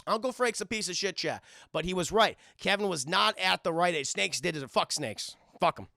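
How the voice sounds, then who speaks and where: A man streaming a profane, animated film recap to his live chat, acting out scenes and swearing often. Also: high-pitched, moderate pace, creaky. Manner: animated, acts out scenes in shouted voices, swears a lot.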